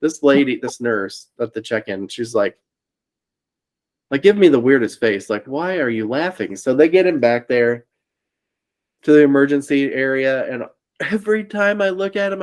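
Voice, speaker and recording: A man's voice: mid-range voice, expressive, moderate pace, darkish tone. A man from Indiana co-hosting a podcast, telling a story in casual chat. He laughs often as he talks and acts out the people in it. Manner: laughs often through his own story. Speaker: podcast co-host.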